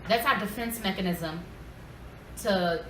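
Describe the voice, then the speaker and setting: A woman, co-hosting a casual group chat, emphatic and animated. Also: medium pitch, unhurried. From New York. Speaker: podcast co-host. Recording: echoey room, mic at a distance, faint hiss.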